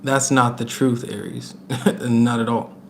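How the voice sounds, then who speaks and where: A man's voice: mid-range voice, steady tone, slow, vocal fry, a bit bright, a little hiss or hum. Chatty man giving a casual tarot reading. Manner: chatty, emphatic, repeats words, laughs between points. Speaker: tarot reader.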